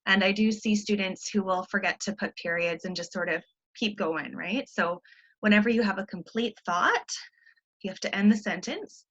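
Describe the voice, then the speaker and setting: A woman's voice: medium pitch, normal speed, fairly bright tone, dull audio. Patient woman teaching a grammar lesson. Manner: patient, step-by-step explaining with frequent ums. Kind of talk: recorded online grammar lesson.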